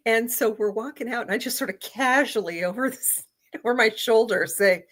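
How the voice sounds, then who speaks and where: A middle-aged woman hosting a podcast, telling a story in a chatty, animated way and quoting the people in it. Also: a little high, normal speed. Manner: chatty, animated retelling with laughs and quoted voices. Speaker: podcast host. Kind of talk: casual storytelling monologue.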